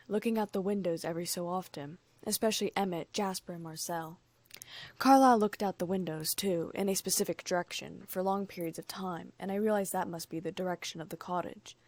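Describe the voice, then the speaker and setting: A woman's voice: lowish voice, darkish tone, no room sound. Woman reading an audiobook, dry sound. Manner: emotive storytelling. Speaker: audiobook narrator. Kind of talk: first-person audiobook narration.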